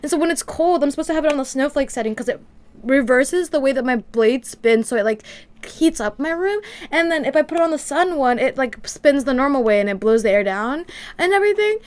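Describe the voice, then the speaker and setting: Woman, high voice, casual livestream chat, rambling, lots of "like", home room. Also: animated, a little fast. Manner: rambling, full of "like" fillers. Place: her own room at home.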